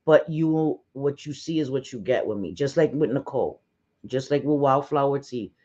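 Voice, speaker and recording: A woman's voice: very deep voice, normal speed, dark tone. A middle-aged woman from New York with a New York accent, hosting a casual livestream chat in a blunt, chatty way and cursing freely. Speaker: livestream host. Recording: slightly dull lo-fi sound.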